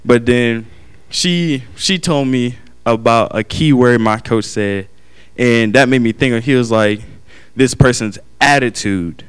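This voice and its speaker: A young man giving an earnest, halting personal testimony to his family and church, often restarting his sentences. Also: medium pitch, a bit bright, smooth.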